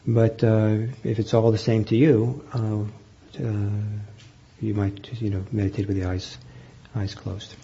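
A man teaching meditation, guiding a group in a gentle, unhurried way with frequent pauses and fillers. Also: fairly low pitch, little pitch movement, vocal fry, slightly rough, muffled recording. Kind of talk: guided meditation instruction.

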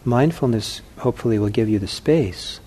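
A man teaching meditation who answers questions from the audience in a calm, gently humorous way and thinks aloud as he talks. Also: mid-range voice, normal speed, slight background noise.

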